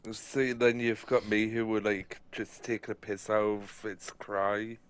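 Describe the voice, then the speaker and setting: A man's voice: on the low side, level tone, a little slow, very noisy. A man chipping in short teasing lines in a casual podcast chat.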